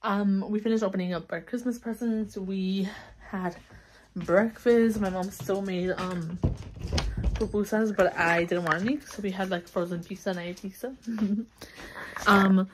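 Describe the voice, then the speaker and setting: A young woman talks brightly to a camera propped up at home, showing off gifts in an easy, chatty way. Her pitch sits mid-range and she gushes in quick little squeals at cute things. A faint hiss sits under the recording. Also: steady tone. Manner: chatty, upbeat, with fillers and little squeals of delight. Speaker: vlogger. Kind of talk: casual haul vlog chat. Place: home, indoors. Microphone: camera on a stand.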